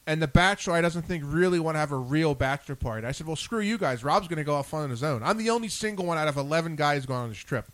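A man's voice: on the high side, lively intonation, fast, hardly any pauses, a bit bright, no echo. A man hosting a live call-in podcast, rambling and self-deprecating, often repeating his words. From Philadelphia area, USA. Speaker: podcast host. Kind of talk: casual live call-in chat.

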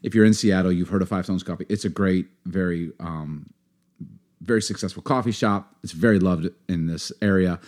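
A man's voice: sits low, normal speed, a little mellow. A man hosting a casual podcast, playful and joking with his guests. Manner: playful, joking, drifts into put-on accents. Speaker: podcast host. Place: studio in Seattle.

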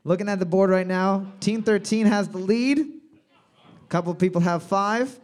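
A man's voice: sits high, normal speed. A man hosting a casual trivia game, reading questions and cracking crude jokes. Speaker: trivia host.

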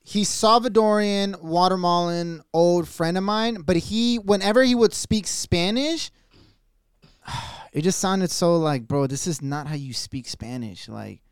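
A man co-hosting a podcast, telling stories in animated casual chat and swearing freely. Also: sits high, measured pace, smooth, no echo. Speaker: podcast co-host.

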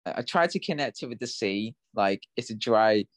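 A man co-hosts a casual film podcast, stumbling over his words and apologizing. His pitch moves a lot, and the recording is close and dry, with no room sound. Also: lively intonation, moderate pace, dry recording. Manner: apologetic, flustered, stammering. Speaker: podcast co-host. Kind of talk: casual chat.

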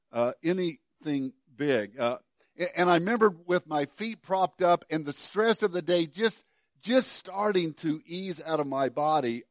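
Middle-aged guy preaching, lots of stammery restarts, kinda high voice, dry close sound. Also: dry recording. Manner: stammering restarts, storytelling with a soft, drops to near-quiet. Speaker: pastor. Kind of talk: sermon.

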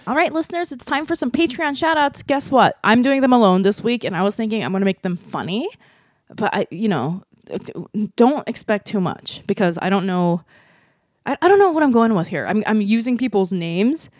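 A woman's voice: medium pitch, a little mellow, no echo, studio quality. A woman hosting a podcast, chatty and rambling, with self-deprecating asides. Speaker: podcast host. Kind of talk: casual podcast chat.

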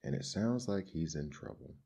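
A man voicing a tiny, timid mouse speaking softly in a storybook reading. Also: deep voice, lively intonation, moderate pace. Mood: worried. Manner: timid, soft.

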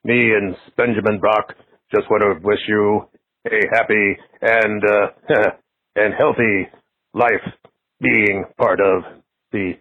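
Man doing an old horror host impression, drawling, chuckling, husky, tinny phone voicemail. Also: lowish voice, fairly even intonation, slow, no echo, exaggerated voice. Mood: ghoulish, playful.

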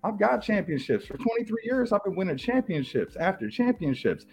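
A man's voice: high-pitched, sing-song, brisk. A man giving a brash, streetwise wrestling rebuttal, boasting about his titles. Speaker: podcast co-host, wrestler responding.

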